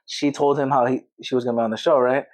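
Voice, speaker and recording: A young man hosting a podcast in a casual chat, animated and laughing often, calling his guest bro. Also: mid-range voice, fast, no echo, low-quality recording. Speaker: podcast host.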